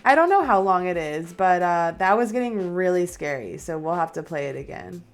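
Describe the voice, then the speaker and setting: A young woman chats through a horror game on her live stream, her voice a touch low and her manner jumpy, sliding into frightened whispers. She talks casually into a desk microphone. Faint music plays underneath. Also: animated, moderate pace. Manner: nervous, frightened whispers and bursts of chatter.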